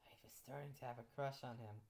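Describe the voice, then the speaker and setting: A woman reading aloud a story she wrote herself, halting and often restarting. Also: very deep voice, fairly even intonation, darkish tone, poor audio. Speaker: author reading own story.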